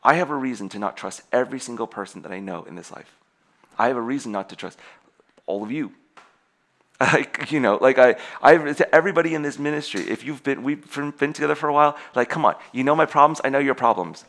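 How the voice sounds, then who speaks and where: A young adult man preaching a sermon to his congregation in an animated way, laughing often and restarting his sentences. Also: mid-range voice, fast talker. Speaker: pastor.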